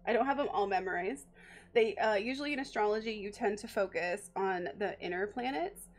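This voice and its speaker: A woman's voice: medium pitch, brisk. Woman casually explaining astrology. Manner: laughs often, explains with many fillers. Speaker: guest astrologer.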